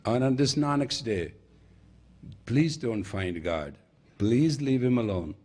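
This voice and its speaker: A man's voice: medium pitch, lively intonation, slow pace, darkish tone. An older man with an Indian accent, a spiritual teacher giving an emphatic storytelling sermon. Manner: storytelling with acted dialogue, emphatic. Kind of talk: lecture sermon.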